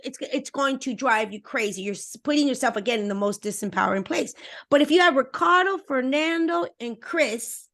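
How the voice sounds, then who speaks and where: A woman dating coach talking as a podcast interview guest, energetic and emphatic, speaking straight to her listeners and acting out little voices. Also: moderate pace. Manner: acts out voices with expressive pitch swings.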